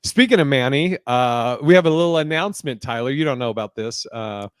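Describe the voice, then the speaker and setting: A man in his thirties hosting a casual podcast, telling stand-up stories in a lively, swearing, laughing way. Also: medium pitch, brisk, clear, resonant tone, no echo. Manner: animated storyteller, swears freely, laughs a lot. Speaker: podcast host and comedian. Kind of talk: casual podcast chat, storytelling.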